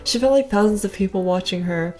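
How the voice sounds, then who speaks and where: A young woman casually reading her own childhood novel aloud with sarcastic, deadpan asides. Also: medium pitch, a little fast, faint music behind. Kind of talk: casual comedic read-through.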